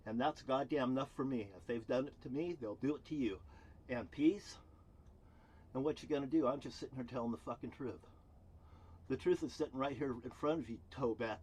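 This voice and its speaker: A man's voice: fairly quick, slightly rough. Angry man ranting, heavy swearing. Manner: heated, swearing constantly, swinging between loud outbursts and low muttering. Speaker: vlogger. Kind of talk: angry profane rant to camera. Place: outdoors near a cruise ship terminal.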